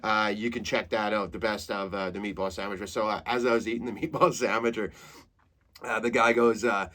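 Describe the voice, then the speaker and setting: A man in his thirties from Saskatchewan hosts a comedy podcast. He tells stories in a casual, animated way, laughs at his own jokes and swears freely. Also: on the low side, a little fast. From Saskatchewan, Canada. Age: 30s.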